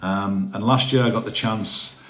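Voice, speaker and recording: A man's voice: lowish voice, fairly even intonation, moderate pace, a bit bright, roomy sound. A man chatting casually on a live stream from his home, rambling and self-deprecating.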